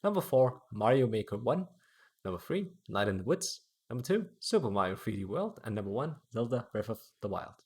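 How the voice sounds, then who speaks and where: A man's voice: medium pitch, fairly quick, breathy edge. A man hosting a casual podcast, chatting loosely with fillers and frequent laughter. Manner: laughing, lively, rambling with fillers. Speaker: podcast host.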